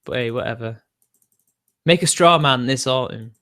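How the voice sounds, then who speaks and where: A man's voice: medium pitch, moderate pace, sharp tone. A young man, arguing defensively with his live-stream chat and laughing between points.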